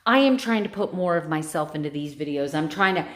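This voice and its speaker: A woman's voice: low voice, animated, brisk. A middle-aged American woman vlogger chatting casually to camera in an emotional, confiding way. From United States.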